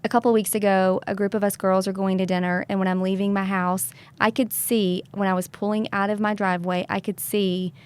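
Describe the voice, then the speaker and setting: A woman hosting an interview, asking her guest a question about her own experience in a measured way. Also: mid-range voice, clean tone. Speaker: show host. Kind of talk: interview conversation.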